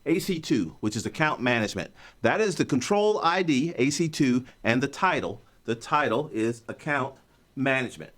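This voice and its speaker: Animated man lecturing with lively pitch. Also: moderate pace. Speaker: course instructor. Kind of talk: recorded online lecture.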